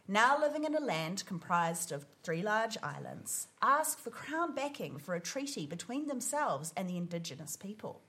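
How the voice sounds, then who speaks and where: Kiwi woman, lowish voice, deadpan reading a funny essay on a panel show. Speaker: comedy panellist.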